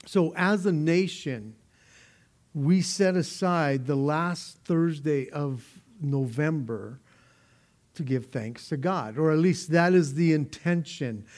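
A male pastor with a slightly higher-than-usual voice delivers a conversational sermon. He talks earnestly and directly to his listeners. He often doubles back on words as he builds toward his point. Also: slow pace, darkish tone.

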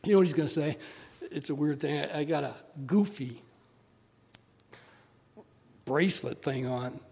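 A man preaching a sermon, telling stories and swinging from loud urging to quiet, intimate asides. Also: fairly high pitch, normal speed, vocal fry, husky. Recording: long hall reverb.

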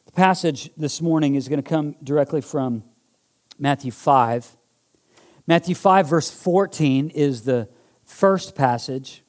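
Fervent male preacher, slightly high voice. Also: takes it slowly, a little mellow. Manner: emphatic, building to fervent repetition; leads call-and-response. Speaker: pastor. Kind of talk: sermon.

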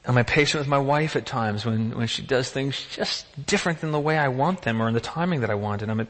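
A man's voice: medium pitch, fast, fairly bright tone, in a large hall. A man preaching a sermon as pastor, talking in a conversational way and asking the congregation many rhetorical questions.

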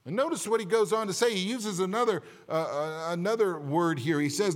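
A man's voice: sits high, animated, fairly quick, hardly any pauses, in a large hall. A man preaching a sermon as a Baptist pastor, impassioned, asking the congregation rhetorical questions and building to emphatic peaks.

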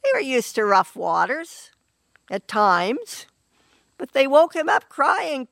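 A woman preaching a sermon in an earnest, unhurried way, often clearing her throat. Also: sits high, big pitch swings, a bit bright, dry recording.

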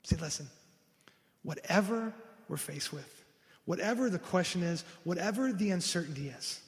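A male pastor delivering a sermon in a fairly high voice. He tells stories with animated energy, acting out the people in them. His voice carries a long hall reverb.

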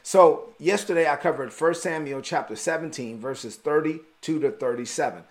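Gravelly, high-voiced preacher. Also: male voice, moderate pace. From Brooklyn, New York. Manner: animated, emphatic, repeats key points. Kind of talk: devotional sermon.

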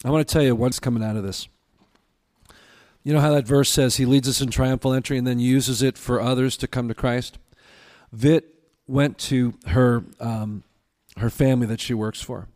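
A man preaching a sermon as a pastor, earnest and emphatic, sometimes softening to a hushed voice. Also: medium pitch, steady tone, moderate pace.

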